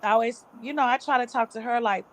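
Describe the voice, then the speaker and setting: A woman in casual talk, speaking softly and hesitantly, with many fillers. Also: fairly high pitch, fast, a crowd in the background. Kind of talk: casual chat.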